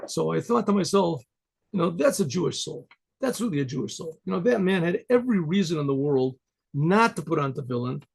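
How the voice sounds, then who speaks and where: Gravelly, husky rabbi telling a story. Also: male voice, fairly high pitch, lively intonation, a little fast. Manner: conversational, rambling with restarts. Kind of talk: storytelling talk.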